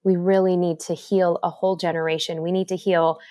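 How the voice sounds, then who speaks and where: A middle-aged woman speaking as a podcast guest, talking in an animated way about her own experience. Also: a little fast. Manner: animated, acts out inner voices in a higher pitch. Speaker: podcast guest, resilience author. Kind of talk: conversational interview.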